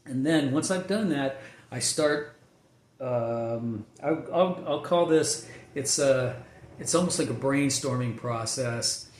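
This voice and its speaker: A man's voice: medium pitch, slow. A male screenwriter talking casually about his writing process, rambling with lots of fillers and restarts. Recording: echoey room.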